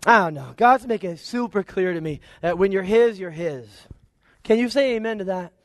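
A man preaching a sermon in a conversational, lively way, with playful asides and quoted voices. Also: high voice, fairly quick, dry recording, studio quality.

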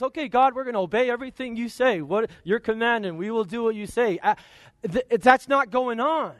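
High-voiced preacher teaching from scripture. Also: male voice, no room sound, clean studio sound. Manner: expository Bible teaching, reads scripture aloud and asks listeners to agree. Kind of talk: sermon.

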